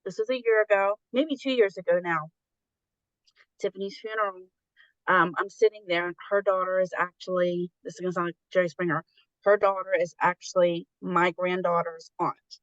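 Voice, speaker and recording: A woman's voice: fairly low pitch, fairly even intonation, normal speed, a bit bright, dry recording, muffled recording. A middle-aged woman telling stories candidly in a casual conversation, acting out the voices of the people she quotes. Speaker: guest.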